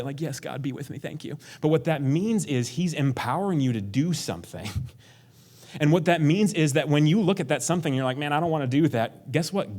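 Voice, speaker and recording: A man's voice: mid-range voice, darkish tone. A male pastor preaching a conversational sermon, acting out prayers in a raised voice and dropping to a near whisper for emphasis.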